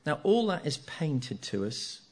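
An older man preaching a sermon, animated and jokey, acting out the congregation's reactions. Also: fairly high pitch, unhurried.

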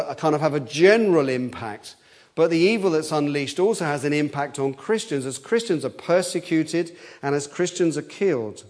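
An expressive preacher with a darkish tone works through an expository sermon at a moderate pace. He is earnest, often repeating words as he reasons aloud, and quoted cries push his pitch and force upward.

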